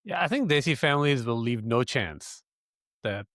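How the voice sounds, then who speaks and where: Male co-host, inquisitive casual talk, mid pitch, dry room. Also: animated, fairly bright tone, no echo. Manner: curious, quick to question. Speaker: podcast co-host. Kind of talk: casual chat.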